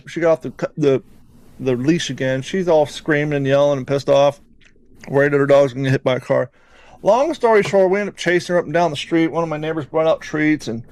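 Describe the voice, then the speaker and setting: A man with a notably high voice tells a story on a podcast, full of swearing and tangents. He sounds lively and unpolished, and the recording is dry and close with no room sound. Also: no echo. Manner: animated, profane, rambling storytelling. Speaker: podcast host.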